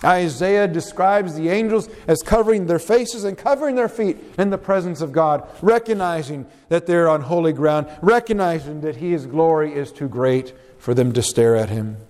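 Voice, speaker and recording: A man preaching a sermon and reading scripture aloud, slow and deliberate, with dramatic pauses. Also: fairly high pitch, darkish tone. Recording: long reverb of a large hall.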